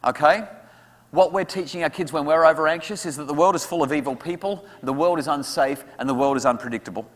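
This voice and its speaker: A man speaking to parents at an evening talk, lively and acting out what his kids say. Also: a little high, fast. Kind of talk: talk to an audience with questions. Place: school hall. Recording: hall reverb.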